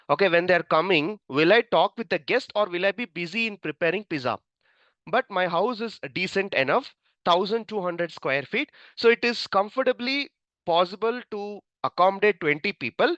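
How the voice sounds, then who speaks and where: A man's voice: fairly high pitch, a bit bright, no room sound. A man teaching an online cloud computing class, telling a story, repeating phrases and putting questions to the class. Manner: repetitive, storytelling, quizzes the class. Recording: dull lo-fi, dry sound.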